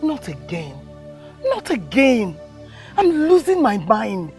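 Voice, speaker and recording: A woman's voice: fairly high pitch, huge pitch swings, slow, darkish tone, soft background music, heavily acted. An actress playing a fierce, emotional village mother who pleads and scolds, in a film drama. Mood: distraught. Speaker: mother of the healer. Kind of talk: Nollywood film acting.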